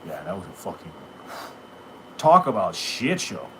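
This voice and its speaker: A man's voice: low-pitched, sing-song, unhurried, sharp tone, slight background noise. Profane, rambling middle-aged man. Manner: profane, rambling, heated rants. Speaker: podcast host. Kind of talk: casual live-stream chat.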